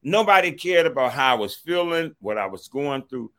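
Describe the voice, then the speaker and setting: A middle-aged man from Washington, D.C., recounts a personal story with an animated delivery. His pitch sits in an ordinary middle range. He keeps pulling the thread back with a stock phrase and acts out the voices of the people in it. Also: normal speed. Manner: animated, acts out others' quoted words, repeats a stock phrase to move on.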